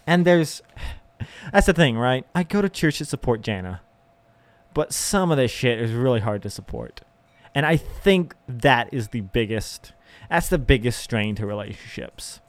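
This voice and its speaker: A man's voice: mid-range voice, lively intonation, measured pace, dry recording. Exasperated man ranting in a dry room. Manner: ranting, profane, with frequent laughs and sighs; emotional and exasperated. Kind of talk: candid personal monologue.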